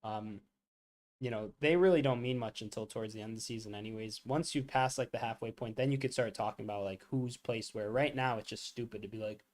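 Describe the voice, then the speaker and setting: A man's voice: lowish voice, brisk. A man hosting a live football watchalong, chatting casually with viewers and reacting to the match with lots of slang. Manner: chatty, reacts loudly to goals, talks to chat with slang. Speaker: livestream watchalong host.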